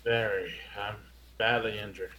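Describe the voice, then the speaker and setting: A man's voice: lowish voice, steady tone, unhurried, bright, forceful tone, a little hiss or hum. A man playing a tabletop game, sounding weary and laughing about his character. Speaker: player.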